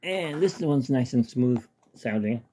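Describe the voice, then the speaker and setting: Man, casual hobby vlogger, mid-pitched, rambling as he tinkers, webcam at home. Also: expressive, a little slow, dark tone, slightly rough. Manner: rambling, talks to himself while tinkering. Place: home hobby room with model train layout.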